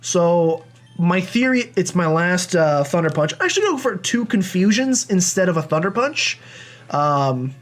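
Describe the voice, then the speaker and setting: A man's voice: high voice, very animated, unhurried, soft background music. A young man hosting a video game playthrough, chatting in a rambling, self-deprecating way as he plays. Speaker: let's play host. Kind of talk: game commentary.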